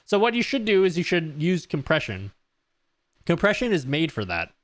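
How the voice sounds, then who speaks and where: A man's voice: fairly high pitch, huge pitch swings, normal speed, no room sound. A man live-streaming a casual question-and-answer session, joking, laughing and reading his chat aloud from a close desk mic. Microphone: close desk mic on an audio mixer.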